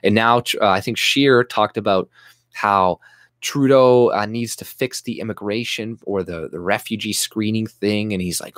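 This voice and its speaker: A man's voice: lowish voice, normal speed, a bit bright, no echo, studio quality. A man delivering an agitated, profane, sarcastic political rant to camera, often restarting his sentences. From Canada. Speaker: YouTube commentator.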